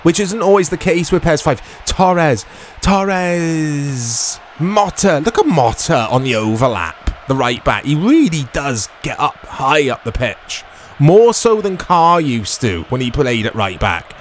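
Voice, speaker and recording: A man giving casual let's-play commentary on a football video game, reacting excitably to the play. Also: a little high, normal speed, slight background noise. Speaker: gaming YouTuber.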